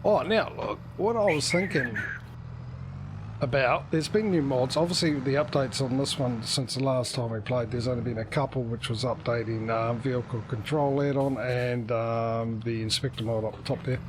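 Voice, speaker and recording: A man's voice: mid-range voice, moderate pace, background noise. A man hosting a casual gaming livestream, rambling chattily with sarcastic asides. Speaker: livestream gamer host.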